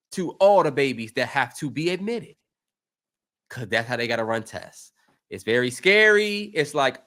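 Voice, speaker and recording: A man's voice: medium pitch, a bit bright. A man co-hosting a podcast in casual, slangy banter, laid-back and chatty. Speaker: podcast co-host.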